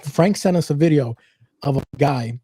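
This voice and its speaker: A man's voice: fairly high pitch, moderate pace, dark tone, breathy edge, dry recording. A male host in a casual chat, reading out viewer comments with short, laid-back replies.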